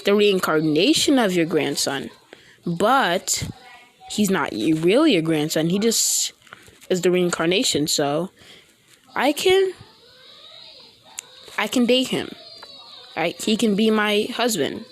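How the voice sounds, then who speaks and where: A woman's voice: medium pitch, sing-song, slow, long pauses, slight background noise. A woman voicing a teasing, ancient goddess mother in a jokey, rambling way.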